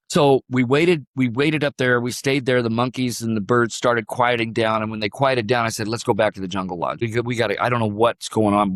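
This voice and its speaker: An older man from Illinois, a podcast guest telling a story in an unhurried way and acting out the lines of the people in it. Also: on the low side, dry recording, clean studio sound. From Illinois, USA. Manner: vivid, unhurried storyteller who acts out quoted dialogue. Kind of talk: storytelling in a conversation.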